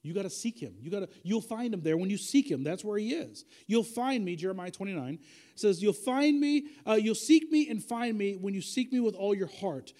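A male pastor preaches with a high voice that swings widely in pitch, rising for emphasis and dropping low for quiet asides. His tone is mellow and warm. He talks conversationally and repeats key lines to drive them home. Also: lively intonation, a little fast. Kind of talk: sermon.

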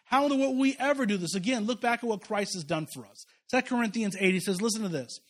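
A man's voice: high voice, animated, fast talker. A man preaching a conversational sermon as a pastor, impassioned and emphatic, often restarting his sentences.

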